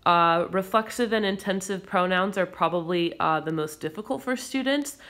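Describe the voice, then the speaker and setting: A woman teacher explaining a recorded grammar lesson patiently and clearly, with occasional fillers. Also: fairly low pitch, moderate pace, fairly bright tone.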